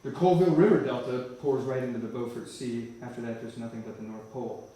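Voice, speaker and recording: A man's voice: medium pitch, fairly even intonation, quick pace, mellow. A man giving a testimony at church, telling his story vividly and animatedly, often restarting phrases. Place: church hall. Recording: echoey church hall from far off.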